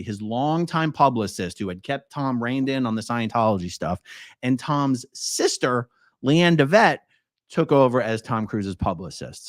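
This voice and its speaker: A man hosts a casual live stream, talking straight to his viewers with easygoing asides as he works through a document. His pitch swings up and down freely. The sound is close and dry, with no room around it. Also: dry recording. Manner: chatty, addresses viewers as guys and y'all, wry asides. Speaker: YouTube host. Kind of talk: casual live-stream commentary reading a transcript aloud. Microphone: own studio mic checked before streaming.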